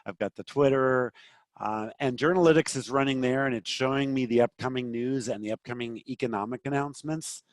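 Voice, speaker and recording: Middle-aged male trading instructor, live screen-share, rapid filler-heavy explaining, dry close sound. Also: medium pitch, no room sound. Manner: fast, loose explaining with many fillers and restarts. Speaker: trading educator.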